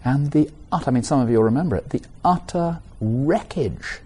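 Middle-aged English preacher, mellow warm voice, animated conversational sermon delivery. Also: male voice, medium pitch, fairly quick, husky. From England. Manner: animated, conversational, with self-mocking asides.

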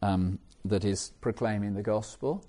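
Middle-aged English preacher, mellow warm voice, animated conversational sermon delivery. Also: male voice, on the low side, unhurried. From England. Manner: animated, conversational, with self-mocking asides.

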